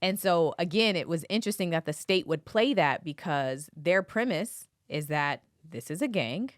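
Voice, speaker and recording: A woman's voice: lowish voice, animated, moderate pace, no echo, studio quality. A woman hosting a podcast, giving casual commentary on a court case in a conversational way, thinking aloud with fillers. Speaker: podcast host.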